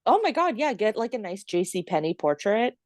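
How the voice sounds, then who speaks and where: A woman's voice: medium pitch, very animated, brisk, darkish tone, no echo. A woman co-hosting a podcast, chatty and giggly, thinking aloud about a film. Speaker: podcast co-host. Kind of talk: casual chat about a film.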